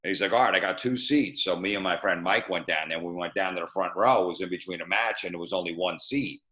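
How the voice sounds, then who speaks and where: Profane deadpan comedian spinning stories. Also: male voice, sits low, fast talker. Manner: profane, deadpan storytelling with quoted voices. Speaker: guest comedian. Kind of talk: casual podcast storytelling.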